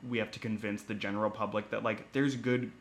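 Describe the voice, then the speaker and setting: A man's voice: lowish voice, little pitch movement, a little fast, slight background noise. A young man co-hosting a podcast, in casual chat, joking and laughing often. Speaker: podcast co-host and stand-up comic.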